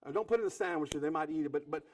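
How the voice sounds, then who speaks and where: A man pastor preaching a sermon, animated, with quick repetitions and acted-out quotes of couples talking. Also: on the high side.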